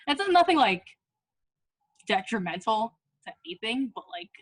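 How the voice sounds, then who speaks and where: A woman's voice: fairly high pitch, sing-song, unhurried, slightly rough. A woman in her twenties hosting a podcast, chatting casually, laughing often and swearing freely. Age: 20s. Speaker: podcast host. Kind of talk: casual chat.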